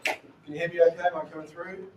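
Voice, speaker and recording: An Australian-accented man, a missionary, talks casually to a church group in a church hall, telling stories loaded with fillers. His voice is a little high, fairly flat in pitch, and quick. The distant mic picks up a roomy echo, and the recording is very noisy.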